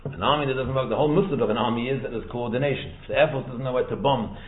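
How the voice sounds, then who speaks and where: A man giving a lively Torah lecture in English mixed with Hebrew and Yiddish terms, firing rhetorical questions and repeating phrases. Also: medium pitch, racing. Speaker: rabbi teaching Torah. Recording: echoey room over a tinny phone-like line.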